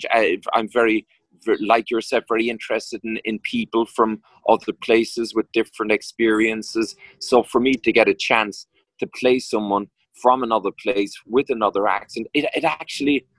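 Halting Irish man from Kerry. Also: on the low side, steady tone, dry recording, rough recording. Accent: Irish, County Kerry. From Ireland. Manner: rambling, halting with many restarts and fillers. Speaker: actor guest. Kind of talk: casual interview chat.

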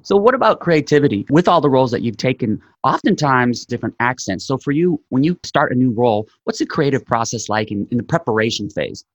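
A man's voice: mid-range voice, big pitch swings, fairly quick, few pauses, dry recording. A man hosting an interview, asking questions in an easygoing, encouraging way. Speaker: interviewer host. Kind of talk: casual interview chat. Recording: dull lo-fi dry sound.

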